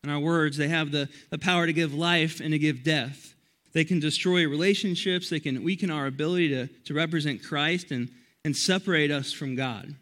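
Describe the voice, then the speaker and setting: This is a young man preaching to students at a church youth service. His voice sits high and rings brightly. He is energetic and chatty, and he often restarts his sentences as he tells his stories. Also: moderate pace. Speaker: youth pastor. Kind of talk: youth sermon with storytelling.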